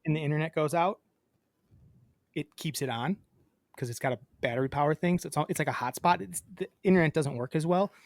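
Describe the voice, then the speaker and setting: A man's voice: a little high, brisk, no echo, studio quality. A man co-hosting a podcast, chatting casually and acting out a phone call as he tells a story. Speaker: podcast co-host. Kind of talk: casual chat.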